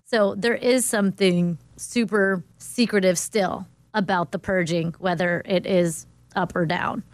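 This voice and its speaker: A woman's voice: fairly low pitch, fairly even intonation, no echo. A woman in a casual talk-show chat, responding in an affirming, supportive way. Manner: affirming, supportive, quick to agree.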